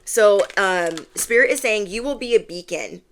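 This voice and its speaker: A woman's voice: mid-range voice, lively intonation, moderate pace, a bit bright, a little hiss or hum. A young woman gives a tarot reading in a loose, chatty way. She rambles through encouragement, drops into little quoted asides and keeps saying "like" as she goes. Her voice sits in an ordinary middle range. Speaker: tarot reader. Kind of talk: casual spiritual reading to camera.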